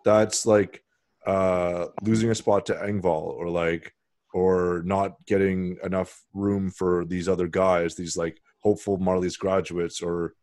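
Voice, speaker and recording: A man with a very deep voice co-hosts a casual podcast over a video call. He argues his points in an opinionated way, full of halting restarts. The sound is dry and close. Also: level tone, darkish tone, dry recording. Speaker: podcast co-host. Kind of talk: casual chat.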